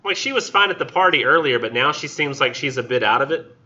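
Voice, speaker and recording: A man's voice: mid-range voice, animated, fast talker, sharp tone. A male literature instructor retelling a story in a casual classroom lecture, full of "like" and "um", on a dull lo-fi recording. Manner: informal, retells the story with many fillers like "like" and "um".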